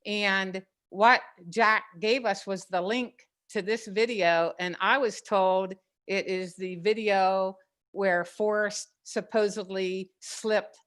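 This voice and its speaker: A woman co-host on a live stream, talking casually and joking in a quick, animated way. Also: medium pitch, clean tone.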